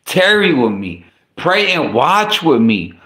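A man voicing a sorrowful grown man praying in anguish, speaking slowly and solemnly with old-fashioned phrasing. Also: a little high, big pitch swings, bright, forceful tone, heavily acted. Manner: slow, solemn, archaic phrasing. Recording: roomy echo.

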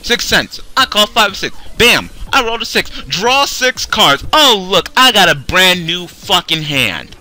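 A young man hosting a card game video, ranting angrily and sarcastically, swearing a lot, and swinging between loud outbursts and tired mumbling. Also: sits high, very animated, measured pace, hardly any pauses. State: tired, low on energy. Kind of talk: profane rant to camera.

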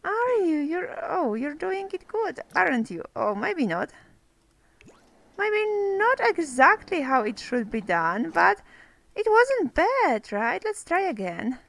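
Woman gamer, high bouncy voice, chatty play-by-play. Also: very animated, slow pace, creaky, fairly bright tone, poor audio. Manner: chatty, talks to game characters, exclaims over cute moments. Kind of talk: casual gameplay commentary.

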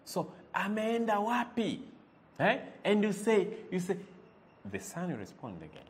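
A man's voice: on the high side, sing-song, unhurried. A man teaching a language lesson, repeating words and quizzing the listener with "eh?" as he goes. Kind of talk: lively spoken language lesson.

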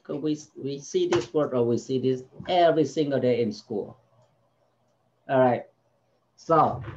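Guy slowly walking a kid through spelling words, patient, says every sound twice, kinda dull muffled recording. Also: mid-range voice, darkish tone. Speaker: home tutor. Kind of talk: spelling lesson with a child.

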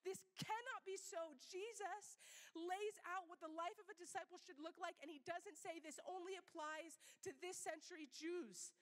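A woman's voice: very high voice, fairly even intonation, moderate pace, big-room sound. A woman missionary preaching a sermon in a church meeting room, earnest and emphatic, repeating key phrases, sniffling as she speaks.

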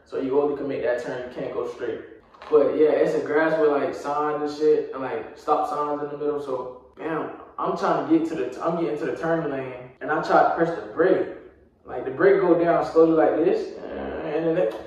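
A man's voice: a little high, fairly even intonation, normal speed, a little mellow, dull audio. Young man telling a story in an echoey room. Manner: casual, slang-heavy storytelling with frequent fillers. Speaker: vlogger. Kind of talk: storytime vlog. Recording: very echoey room, voice far from mic.

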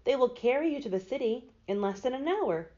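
A woman reading aloud voices the Queen of the Mice, a kindly, squeaky little mouse, in a storybook reading. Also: expressive, fairly quick, mellow, close to an everyday voice. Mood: helpful. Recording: dull lo-fi recording.

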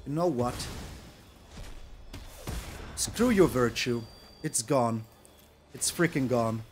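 A man giving excitable, animated live commentary over his own card game, now and then breaking into loud shouts. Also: medium pitch, slow, soft background music. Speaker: gaming YouTuber.

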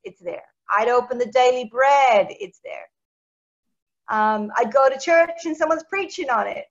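A woman, a guest telling her personal testimony as a lively storyteller who acts out the dialogue she quotes. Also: a little high. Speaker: interview guest. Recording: dull lo-fi recording.

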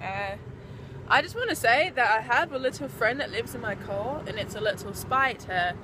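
A woman's voice: a little high, expressive, normal speed, background noise. A young woman speaking in a put-on British accent, talking casually to her vlog camera in a rambling way with many fillers. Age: young adult. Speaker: vlogger. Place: in her car.

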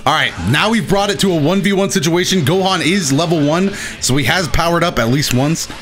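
A young man giving excitable live commentary on his own fighting game matches, talking to himself and laughing at his own mistakes. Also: on the high side, fairly quick, slight background noise. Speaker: gaming commentator.

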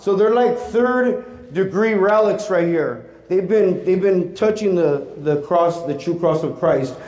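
High-voiced man preaching in an echoey room. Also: animated, a little slow, darkish tone. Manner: emphatic, streetwise slang, repeats key phrases. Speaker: Catholic youth speaker. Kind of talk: personal testimony to teens. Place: large room with a teen audience.

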